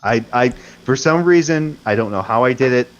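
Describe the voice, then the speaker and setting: A man's voice: medium pitch, expressive, normal speed, dull audio. A man, a military veteran, telling rambling stories in casual chat and swearing freely. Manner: rambling storytelling with profanity. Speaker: veteran panelist.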